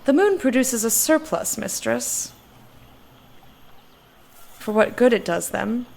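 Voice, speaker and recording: A woman voicing a dry, sarcastic servant robot in a deadpan, formal way. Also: a little high, slow, vocal fry, heavily acted.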